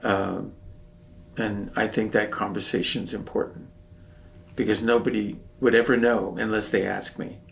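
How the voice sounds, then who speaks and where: A man's voice: on the low side, little pitch movement, a little slow, vocal fry, a little hiss or hum. An older man, a veteran, speaking earnestly and reflectively in an oral history interview.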